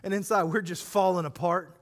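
A male pastor preaching a sermon, animated and acting out scripture scenes as he speaks directly to his congregation. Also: high-pitched, brisk, in a large hall.

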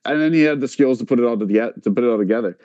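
A man's voice: medium pitch, very fast, no echo, muffled recording. A man on a podcast telling a long story in casual chat, full of filler likes and quoting others as he goes. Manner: animated, many filler likes, quotes others in voices.

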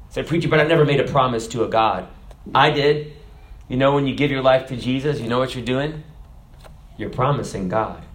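A male preacher giving a sermon, reading scripture and joking with the congregation. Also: medium pitch. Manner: animated, joking, teaches from scripture.

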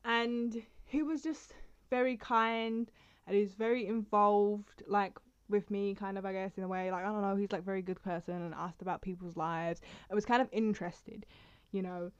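A woman's voice: medium pitch, steady tone, moderate pace, clean tone, dry recording, highs cut off. Rambling, chatty woman vlogger. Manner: rambling and chatty, with apologetic asides. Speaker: poetry vlogger. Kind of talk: casual vlog chat and reading her own poems.

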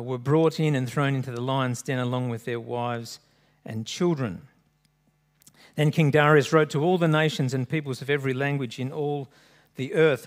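A man preaching a sermon, reading scripture aloud expressively with large swings in pitch and loudness. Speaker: pastor.

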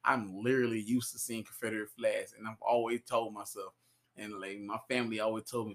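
A man from Georgia, co-hosting a casual comedy podcast, animated and profane, laughing often. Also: on the low side, a little fast. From Georgia, US South. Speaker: podcast co-host.

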